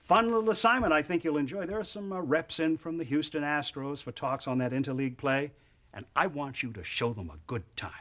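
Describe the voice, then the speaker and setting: An actor playing an absent-minded older boss who stammers and meanders, in a sitcom. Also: male voice, a little high, brisk, natural voice. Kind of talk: sitcom acting. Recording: loud studio audience laughter.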